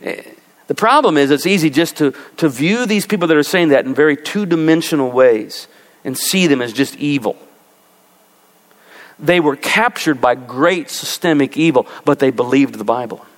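A man preaching a sermon as pastor, animated and rising to emphatic peaks. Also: medium pitch, normal speed. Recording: long reverb of a large hall.

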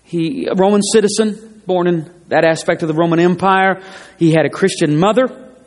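A male preacher with a high-pitched voice gives an emphatic sermon at normal speed, repeating phrases to drive each point home. His delivery rises and falls, ringing out through the long reverb of a church hall.

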